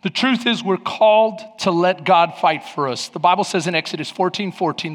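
A middle-aged man preaching a sermon, telling stories and acting out scenes, getting loud when worked up. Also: sits high, normal speed, few pauses. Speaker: pastor. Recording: long hall reverb.

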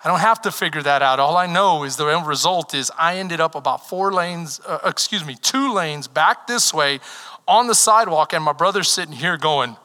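A man preaching a sermon as pastor, telling stories with animation and building to shouted calls to the congregation. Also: a little high, normal speed. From Texas. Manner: animated storytelling, rising to shouted exhortation. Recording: long hall reverb.

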